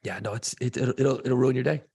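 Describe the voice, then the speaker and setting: Gravelly husky man, profane storyteller. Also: mid-range voice, quick pace, mellow, dry recording, studio quality. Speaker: podcast co-host. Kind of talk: casual podcast chat.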